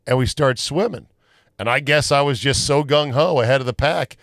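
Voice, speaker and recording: A man hosting a casual podcast chat, telling stories in a loose, profane, animated way. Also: medium pitch, normal speed, creaky, dry recording, clean studio sound. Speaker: podcast host.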